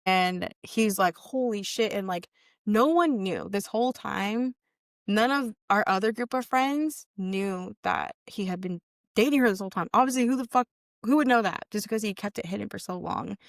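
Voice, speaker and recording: A woman's voice: mid-range voice, normal speed, vocal fry, no room sound, clean studio sound. A young woman on a podcast telling a personal story in casual chat, candid and cursing freely, acting out what people said. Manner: candid, heavy swearing, acts out quoted lines. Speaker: podcast guest.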